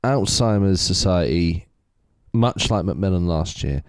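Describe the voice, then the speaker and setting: Relaxed low-voiced English podcaster. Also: male voice, measured pace. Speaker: podcast co-host. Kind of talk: casual podcast chat.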